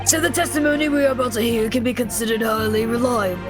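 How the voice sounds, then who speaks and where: A woman reading courtroom dialogue from a game aloud in a measured, formal way. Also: fairly high pitch, music in the background.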